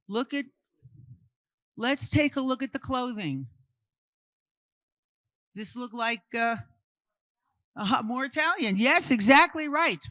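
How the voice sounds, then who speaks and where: Speaking to a live group, this woman from Brooklyn, New York leads an interactive art history talk, throwing questions at listeners and then answering them. Her voice is on the high side, pushed and bright, with no echo.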